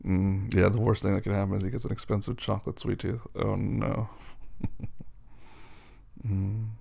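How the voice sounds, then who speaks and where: A tired man in a whispered role-play as a husband and father, talking softly and affectionately to his partner at bedtime. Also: fairly low pitch, little pitch movement, unhurried, gravelly, long pauses, husky. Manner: soft, sleepy and affectionate, calls the listener baby.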